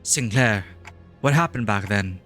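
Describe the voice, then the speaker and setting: A man's voice: on the low side, expressive, a little slow, a bit bright, soft background music. A man commentating a live game playthrough in a playful, goofy way, reading game text aloud. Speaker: streamer.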